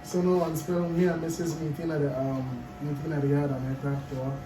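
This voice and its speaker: A man telling a lively story in a barbershop, laughing often. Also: on the high side, brisk, distant mic. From Belize. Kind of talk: casual chat. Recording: echoey room with background noise.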